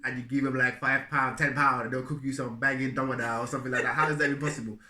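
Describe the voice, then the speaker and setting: A man's voice: mid-range voice, little pitch movement, very fast, bright, forceful tone. A man in casual chat, sharing earnest, reflective advice about marriage and laughing easily along the way. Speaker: husband co-hosting a marriage video. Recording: echoey room.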